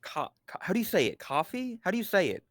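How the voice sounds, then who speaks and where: A woman's voice: mid-range voice, sing-song, fast talker, dry recording, clean studio sound. A woman streamer hosting a casual live chat, teasing her guest in playful banter. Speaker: streamer host.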